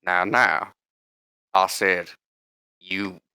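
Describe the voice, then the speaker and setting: A swaggering, bullying fleet officer drawls out folksy threats, put on by a man running a tabletop game. The voice is gravelly with a bright edge, recorded close and dry. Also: deep voice, level tone, drawn-out words, dry recording, heavily acted. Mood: menacing.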